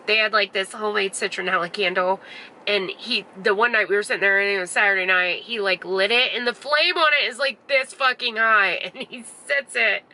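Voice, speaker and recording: A woman's voice: mid-range voice, brisk, pushed and bright, rough recording. A young woman vlogger telling a rambling story in casual chat, swearing freely and filling her speech with "like". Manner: chatty, profane, full of "like" fillers. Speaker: beauty vlogger.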